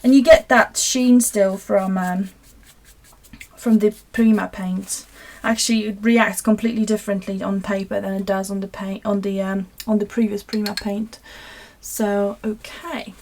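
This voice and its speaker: A woman's voice: medium pitch, level tone, unhurried, a little mellow, slight background noise. A young woman from Poland, hosting a live craft session and chatting to viewers in a rambling, self-mocking way as she paints at her desk. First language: Polish. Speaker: craft video host. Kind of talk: casual live craft chat.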